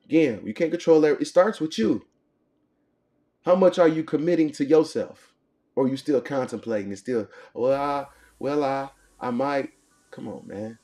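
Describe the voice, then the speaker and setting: A man's voice: on the high side, lively intonation, normal speed, warm tone. A man hosting a morning motivation show, preaching in punchy, repeated lines. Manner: preachy, punchy call-and-response cadence. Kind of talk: motivational talk.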